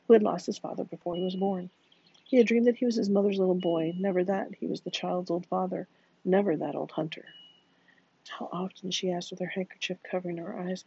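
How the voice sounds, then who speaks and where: Gravelly, very husky novel narrator. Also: mid-range voice, warm tone, dry recording, muffled recording. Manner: dramatic, slipping into whispers. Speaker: audiobook narrator. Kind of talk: reading a novel aloud.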